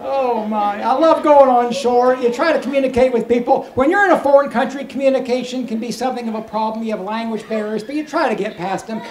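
A man's voice: extremely high pitch, quick pace, hardly any pauses, darkish tone, some chatter behind, a little hiss or hum. A man doing a stand-up comedy set on a cruise ship stage, telling stories with mock-earnest asides and punchlines. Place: cruise ship show lounge. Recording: echoey live show room. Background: audience laughter.

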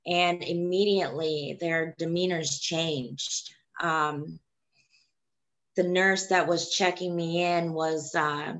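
A young woman gives a personal testimony about giving birth, in a halting, hesitant way. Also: lowish voice. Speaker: woman sharing her childbirth story.

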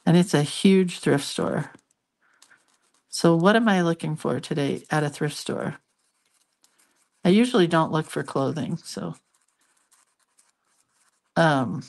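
Chatty older woman with a lowish voice. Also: slow pace, long pauses, darkish tone. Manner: chatty and giggly, storytelling with asides. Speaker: hand-lettering artist hosting a live stream. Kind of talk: casual live-stream chat while drawing.

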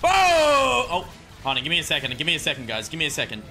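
A young man giving excitable live commentary while playing a game, swinging between muttered frustration and loud yelps. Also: medium pitch, racing. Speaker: gaming streamer.

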